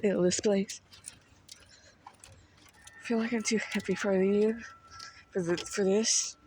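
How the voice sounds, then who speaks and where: A woman's voice: medium pitch, fairly even intonation, takes it slowly, darkish tone, low-quality recording. A young woman casually vlogging a nature walk into her phone, playful and chatty, a little out of breath, with faint outdoor noise behind. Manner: playful, chatty, exclaims at what she sees. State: slightly out of breath. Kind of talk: casual walking vlog. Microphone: handheld phone.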